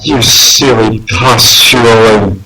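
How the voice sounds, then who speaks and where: A man voicing a grumpy male penguin with a put-on Scottish accent, gruff and quick to hurl insults in an improvised comedy sketch. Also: lowish voice, roomy sound, voice pushed down, heavily acted. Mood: grumbling, indignant. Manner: gruff, blustering, hurls insults. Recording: distant mic with loud hiss.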